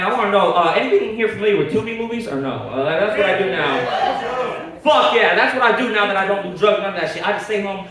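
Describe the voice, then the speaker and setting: A man doing a crude stand-up set, laughing at his own jokes and swearing a lot. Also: high-pitched. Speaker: stand-up comedian. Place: comedy club stage. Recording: echoey club, distant mic, crowd noise.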